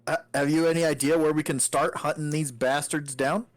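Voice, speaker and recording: A man's voice: on the high side, steady tone, a little fast, no echo. A man who plays in a tabletop game, describing his character's actions and cracking jokes that include swearing. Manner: joking, swearing. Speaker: player. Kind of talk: casual tabletop play.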